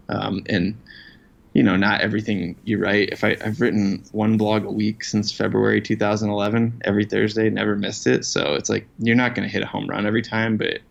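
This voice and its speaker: A low-voiced man with a gravelly, flat delivery, chatting loosely as an interview guest. He pokes fun at himself and rambles through plenty of "um"s and "you know"s. The recording is a bit dull and lo-fi. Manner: self-deprecating, rambling with many fillers. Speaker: guest, outdoor writer. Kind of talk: casual conversational interview. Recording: dull lo-fi sound.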